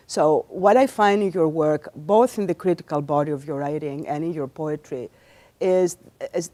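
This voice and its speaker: Low, dark-voiced woman interviewer. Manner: measured, scholarly phrasing. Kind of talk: academic interview questions.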